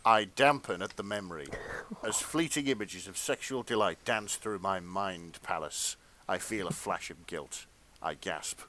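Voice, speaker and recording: A man co-hosting a comedy podcast, reading fan fiction aloud in a hushed, mock-serious tone. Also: low voice, a little slow, few pauses. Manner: reads in a hushed, mock-serious tone, then cracks up. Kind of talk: dramatic reading with comic asides.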